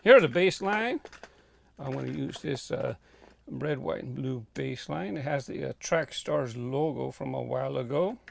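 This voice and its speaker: Gravelly rambling man showing his collection. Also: medium pitch, expressive, moderate pace, slight background noise. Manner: rambling, filler-heavy, thinking aloud. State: out of breath. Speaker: toy car collector vlogger. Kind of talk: casual walk-through vlog. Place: home warehouse room.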